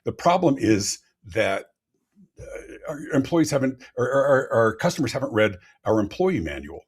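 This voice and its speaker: Heard over a remote call, a man appears as a customer experience expert on a live podcast, telling stories with plenty of energy. His mid-range voice is slightly rough and moves at a normal speed. He often repeats words when he starts a thought.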